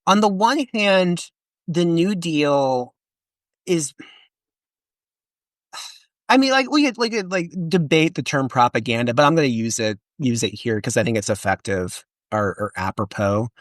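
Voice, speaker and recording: A man's voice: mid-range voice, no room sound. Chatty man talking with dry sound. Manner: animated, chatty, many restarts and fillers. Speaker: author and historian guest. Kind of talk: casual podcast interview.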